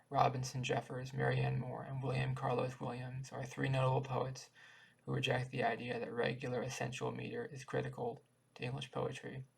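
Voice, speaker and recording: A man reading a lesson text aloud, halting at times and restarting words. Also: medium pitch, creaky, husky, rough recording. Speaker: channel host explaining poetry.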